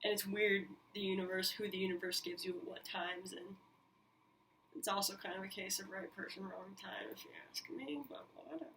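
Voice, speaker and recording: A woman hosting her own podcast, telling a personal story in an animated, candid way, with frequent swearing and quick asides. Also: medium pitch. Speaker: podcast host. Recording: mic a little distant, faint hiss.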